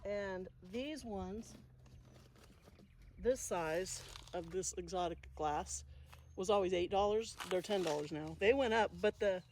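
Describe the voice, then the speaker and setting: A woman's voice: medium pitch, slow. Woman talking to camera while she gardens; easygoing, muses aloud, light street noise in the background. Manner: chatty, thinking aloud, soft-spoken asides. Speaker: gardening vlogger. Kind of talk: casual narration while working. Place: outdoor garden. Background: passing traffic.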